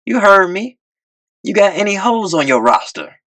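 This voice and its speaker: A man voicing a smooth, calm older man who chairs a room of hustlers. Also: sits high, no echo, pitched above the performer's own voice, heavily acted. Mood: commanding. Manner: smooth, unhurried and commanding.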